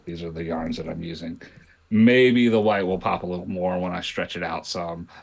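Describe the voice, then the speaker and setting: A man's voice: low-pitched, fairly even intonation, moderate pace, gravelly. A middle-aged man co-hosting a casual chat show, rambling with many restarts. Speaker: podcast co-host.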